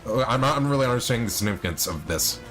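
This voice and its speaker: A man's voice: medium pitch, expressive, quick pace, fairly bright tone, soft background music. A young man casually commenting on a video game stream, rambling, swearing and laughing often. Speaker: let's play streamer.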